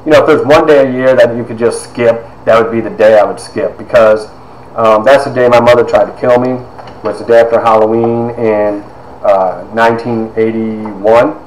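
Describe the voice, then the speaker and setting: A man in his fifties giving a personal testimony, halting with fillers and acting out quoted dialogue. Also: medium pitch, fairly even intonation, a little hiss or hum. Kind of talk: personal storytelling talk. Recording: roomy echo.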